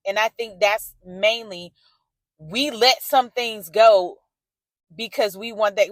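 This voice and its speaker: A woman's voice: medium pitch, slow, no room sound. A woman talking candidly in a personal vlog from her car, emotional and outspoken, swearing and answering back to a story she follows. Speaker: vlogger.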